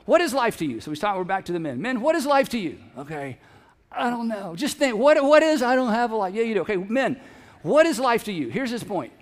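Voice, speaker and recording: A man's voice: high voice, very animated, a little fast. A male pastor preaching a sermon in a church, conversational and joking with the congregation. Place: church sanctuary. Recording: long hall reverb.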